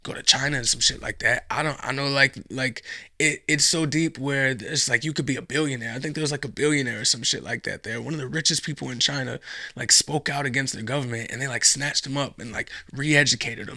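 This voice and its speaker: A man's voice: mid-range voice, steady tone, a little fast, pushed and bright, dry recording, clean studio sound. A man hosting a casual podcast, rambling and swearing, with lots of fillers and restarts. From United States. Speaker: podcast host.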